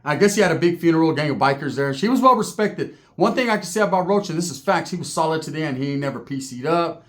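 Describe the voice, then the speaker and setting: Man, casual profane storyteller; slightly raised pitch. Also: expressive, fast talker. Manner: profane, rambling, joking.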